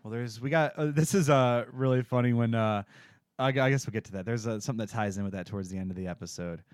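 A man's voice: medium pitch, fast talker, smooth, no room sound, studio quality. A man co-hosting a podcast, recapping a TV episode in a rambling, jokey way with lots of fillers. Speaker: podcast co-host. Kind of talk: casual chat recapping a TV episode.

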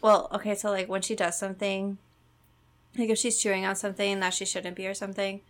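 A woman's voice: mid-range voice, flat delivery, brisk. A young woman chatting casually with friends in an easygoing, matter-of-fact way. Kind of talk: casual chat among friends.

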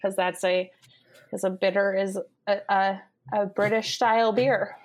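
A woman's voice: mid-range voice, steady tone, unhurried. A woman co-hosting a podcast in casual chat over drinks, chatty and meandering, trailing off and restarting with light laughs. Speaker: podcast co-host.

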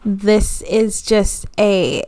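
A woman in her thirties co-hosting a podcast, chatting casually and telling stories with a lively, acted-out delivery. She sounds mid-pitched, recorded close with almost no room sound. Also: drawn-out words, no room sound. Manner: animated storytelling, acts out her own quotes. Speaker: podcast co-host. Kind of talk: casual chat.

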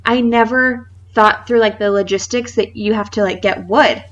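A woman in her thirties co-hosting a podcast, telling a funny story in casual chat, animated and laughing often. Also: mid-range voice, moderate pace, lo-fi sound. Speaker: podcast co-host.

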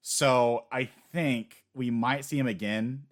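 A man casually discussing anime on a podcast, lively and laughing often. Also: medium pitch, slow pace. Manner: animated, laughs often, acts out quotes.

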